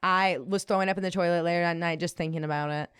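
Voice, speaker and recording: A young woman co-hosts a podcast, telling stories in a lively, casual way and swearing without a second thought. Her voice sits low, and the sound is dry and close. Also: fast, clean tone, dry recording. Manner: animated storytelling, swears casually. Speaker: podcast co-host. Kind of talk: casual chat.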